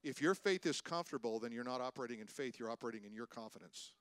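An older man preaching a sermon as pastor, animated, with loud rises for emphasis and calls out to the congregation. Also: mid-range voice, rapid-fire, clean tone, no echo. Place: church stage.

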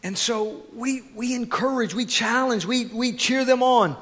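A man preaching a sermon as pastor, swinging from quiet asides to loud, fervent exhortation. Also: very high-pitched, unhurried, long reverb tail.

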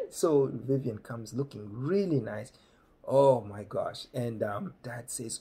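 A man with a Kenyan accent telling a funny personal story in a playful, animated way. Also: mid-range voice, a little slow, slightly rough.

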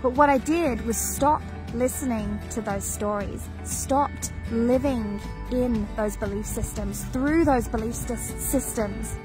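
A woman's voice: a little high, slow pace, few pauses. Earnest woman coach over music. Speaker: business coach. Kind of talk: motivational voice-over.

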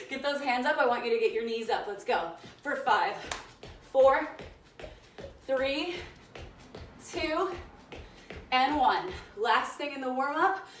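Young woman, fitness instructor on a phone livestream, slightly high voice, slow cues, breathless, far from the mic in an echoey room. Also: lively intonation, a bit bright, slight background noise. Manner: upbeat, counts down reps, greets viewers by name. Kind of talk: live workout class instruction. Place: home room, indoors. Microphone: phone on a live stream.

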